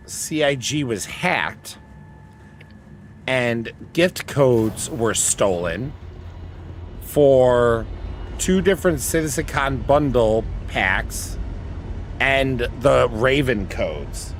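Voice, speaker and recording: A man's voice: medium pitch, lively intonation, drawn-out words, slight background noise. A man streaming, chatting casually with friends and talking himself through tasks as he goes. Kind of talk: casual livestream chat with friends.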